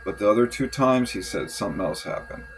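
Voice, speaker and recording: A man's voice: fairly low pitch, animated, fast, slight background noise, low-quality recording. A man venting in a rambling, frustrated journal monologue, swearing often and restarting his sentences. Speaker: vlogger.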